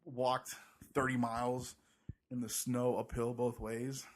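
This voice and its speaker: A man's voice: medium pitch, flat delivery, slow. A man co-hosting a podcast, chatting casually and sarcastically, acting out quoted talk, with audible heavy breathing. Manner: sarcastic, storytelling, acts out quotes. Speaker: podcast co-host. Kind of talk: casual chat about church.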